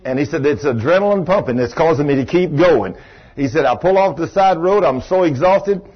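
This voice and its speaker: A middle-aged man, preaching a sermon as a folksy, animated storyteller who acts out the quotes. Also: sits high. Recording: dull lo-fi sound.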